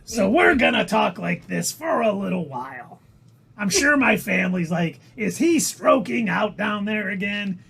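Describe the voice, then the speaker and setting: A man putting on a shrill, grating impression of a middle-aged male comedian, whining and drawn out, while co-hosting a livestream chat. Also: sing-song, a bit bright, full character voice. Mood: mocking. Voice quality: screechy, raspy and strained. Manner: exaggerated comic whine, drawn-out delivery. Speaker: co-host.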